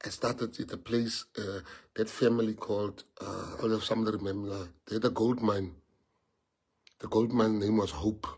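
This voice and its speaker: A middle-aged South African man, a party leader, speaking to followers on a social media livestream in short anecdotal bursts whose loudness swings from lively to low. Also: normal speed, slightly rough. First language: Afrikaans. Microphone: phone or computer mic on a social media livestream.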